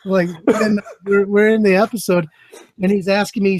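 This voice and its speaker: A former soldier from the United States guests on a podcast, telling stories in casual chat full of swearing and laughter. His voice is high with a darkish tone at a moderate pace, recorded without echo.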